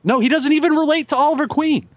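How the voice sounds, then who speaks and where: A man co-hosting a casual comedy podcast, tossing in quick deadpan one-liners. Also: very high-pitched, no echo. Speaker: podcast co-host.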